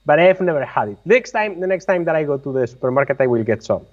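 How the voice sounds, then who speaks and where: Guy in his workshop on a video call explaining tech stuff step by step, bit high voice, sound kinda dull. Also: animated, fast. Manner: explains technical detail patiently. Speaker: co-host. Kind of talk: casual live-stream chat. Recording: slightly muffled audio.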